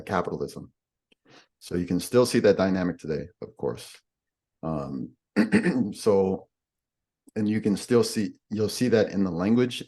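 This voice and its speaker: A man's voice: sits low, dark tone. A man explaining language differences in a podcast conversation, patient and giving examples as he goes.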